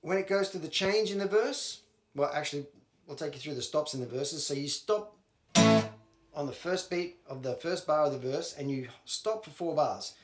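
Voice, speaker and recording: Guitar teacher, male, fairly high voice, scats the strums aloud, roomy sound, loud guitar behind. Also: expressive, moderate pace. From Australia. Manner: counts and sings rhythms aloud while playing. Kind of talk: instructional walkthrough.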